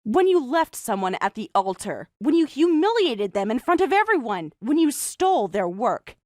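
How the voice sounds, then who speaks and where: A young woman voicing a calm, mocking designer who also narrates the story in first person. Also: on the high side, no echo, clean studio sound. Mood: cold mocking. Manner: cool, mocking, measured.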